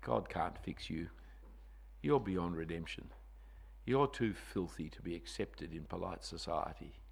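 A man voicing the devil as a deceiver who whispers accusations, in a low, hushed, belittling tone. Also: measured pace, vocal fry, slightly rough, full character voice. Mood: accusing.

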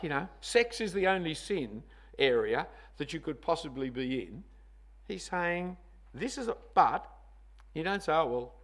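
Emphatic preacher with a gravelly voice. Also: male voice, medium pitch. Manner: emphatic, stresses single words sharply; conversational, teasing asides to listeners. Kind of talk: sermon.

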